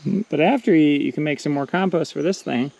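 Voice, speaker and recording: Gravelly man on a farm tour. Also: fairly high pitch, fast. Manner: relaxed, points out plants as he walks. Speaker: farm owner giving a tour. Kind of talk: casual walking tour. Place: outdoor tropical farm. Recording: outdoor noise with insects and crickets.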